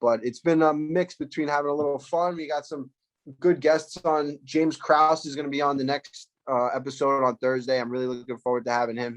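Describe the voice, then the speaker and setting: A man's voice: medium pitch, poor audio. A man, a fighter answering interview questions in a loose, rambling way, speaking through phone earphones. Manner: rambling, loose, full of fillers and restarts. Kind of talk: casual interview over video call.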